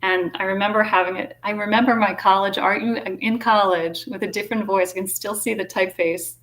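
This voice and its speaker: A woman's voice: medium pitch, fairly even intonation, brisk, fairly bright tone. A woman interviewer who gropes for her words and restarts phrases as she shapes her questions. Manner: searching, restarts phrases while forming questions. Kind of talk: interview conversation.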